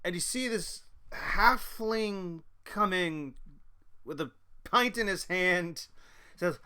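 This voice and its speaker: A man playing a tabletop game, describing his character's actions in an animated way. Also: high-pitched, takes it slowly, clear, resonant tone. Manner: animated, laughing storyteller. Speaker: player.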